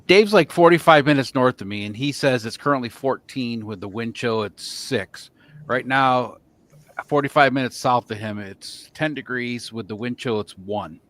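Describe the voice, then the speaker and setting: A man's voice: medium pitch, moderate pace, a bit bright. A man hosting a live stream, chatting casually and teasing his co-hosts. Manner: teasing, joking. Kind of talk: casual chat.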